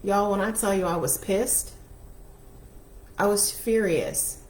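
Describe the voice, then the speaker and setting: A woman's voice: mid-range voice, takes it slowly, a little mellow. A woman coach telling a personal story in a frank, emphatic motivational talk. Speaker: life and money coach. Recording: roomy echo with faint noise.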